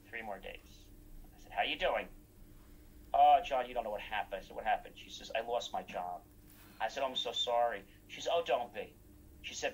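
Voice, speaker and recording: A man's voice: medium pitch, husky, rough recording. A man recounting anecdotes in a casual talk, acting out the dialogue he quotes.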